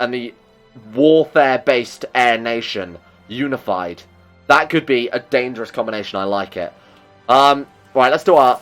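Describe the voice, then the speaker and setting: A man hosting a strategy game playthrough, talking excitedly to his in-game characters and joking at his own mistakes. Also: medium pitch. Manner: self-mocking asides. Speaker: gaming video host. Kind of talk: let's play commentary.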